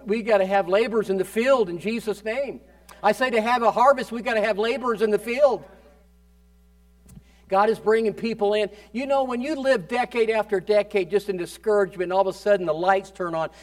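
Male pastor, high register, fervent sermon delivery with big dynamic swings. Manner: fervent preaching, swings between loud declarations and hushed asides.

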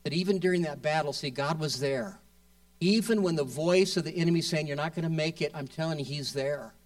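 Male preacher, slightly high voice, off-mic, conversational sermon with rising emphatic peaks. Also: fairly quick, recorded from a distance. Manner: conversational, asks rhetorical questions, builds to emphatic peaks.

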